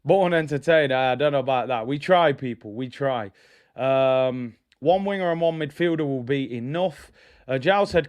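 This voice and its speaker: A man's voice: medium pitch, normal speed, clean tone, no room sound, clean studio sound. A man hosting a football fan live stream, chatting casually and upbeat as he reads out viewer messages.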